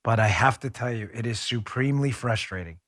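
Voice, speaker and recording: A man's voice: medium pitch, fairly quick, fairly bright tone, no echo, clean studio sound. An American man hosting a political podcast, talking sarcastically and laughing often as he mocks. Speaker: podcast host. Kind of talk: political commentary.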